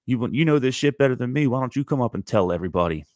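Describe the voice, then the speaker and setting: A man putting on the voice of a feisty old blues legend who talks to his crowd from the stage in a gruff, scolding way. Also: low-pitched, steady tone, quick pace, no room sound, studio quality.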